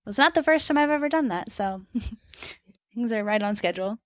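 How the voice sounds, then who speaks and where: A woman with a fairly high, expressive voice co-hosts a laid-back podcast, speaking at a moderate pace. The recording is dry and close, and she talks freely, tossing in playful asides and laughing often.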